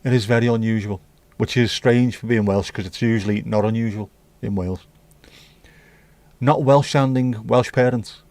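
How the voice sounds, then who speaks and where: A man's voice: medium pitch, steady tone, normal speed, a little mellow, no echo. A man with a Scouse accent hosting a casual livestream, chatting with viewers and bantering as he reads the chat. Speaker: livestream host.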